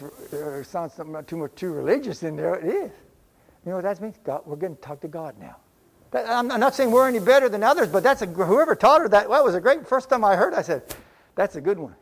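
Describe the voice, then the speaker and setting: An older man preaching a sermon in a folksy, conversational way, mixing scripture with homespun stories. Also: high-pitched. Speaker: pastor.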